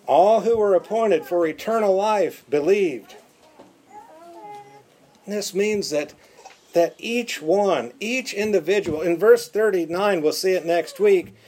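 A man preaching a sermon, emphatic and repeating words for stress, dropping to quiet, drawn-out phrases. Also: high-pitched, a little hiss or hum.

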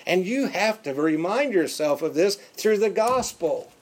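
A man preaching a sermon, emphatic and repeating words for stress, dropping to quiet, drawn-out phrases. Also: high voice, animated.

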